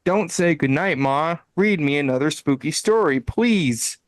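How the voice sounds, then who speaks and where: A man's voice: a little high, lively intonation, measured pace, no room sound, low-quality recording. A man co-hosting a casual podcast, reading website text aloud with playful emphasis and frequent laughter. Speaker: podcast co-host.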